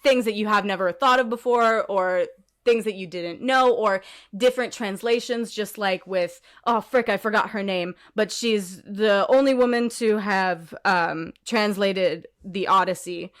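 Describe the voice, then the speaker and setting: A woman co-hosting a podcast in casual chat, animated and ranty, swearing and laughing often. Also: medium pitch, measured pace. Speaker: podcast co-host.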